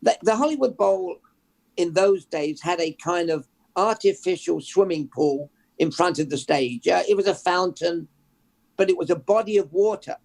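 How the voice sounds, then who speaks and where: An older man from England, a journalist guest, telling stories in a lively, conversational way with many restarts. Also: high voice, moderate pace, creaky. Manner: storytelling, animated, restarts with repeated words. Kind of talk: conversational interview.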